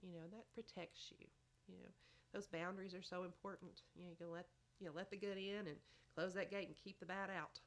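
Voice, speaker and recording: A woman's voice: fairly low pitch, steady tone, fairly quick, few pauses. A woman giving motherly advice in a chatty podcast conversation, often saying "you know". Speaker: podcast guest. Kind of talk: casual advice chat.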